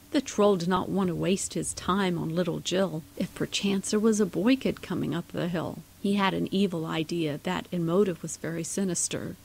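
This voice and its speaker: A woman's voice: fairly low pitch, normal speed, gravelly, few pauses, a little mellow, breathy edge, low-quality recording. A woman narrating a rhyming storybook poem in a sing-song delivery.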